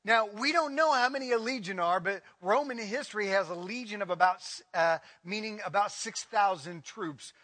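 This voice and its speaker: Male pastor, sermon delivery, bright and forceful, big hall reverb, swings loud to hushed. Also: moderate pace, hardly any pauses. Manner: impassioned, swings from loud to low.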